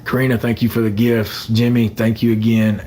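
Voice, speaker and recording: A man's voice: on the low side, completely flat delivery, normal speed, a little mellow, a little hiss or hum. A young man chatting casually on a phone livestream, rambling and greeting commenters by name.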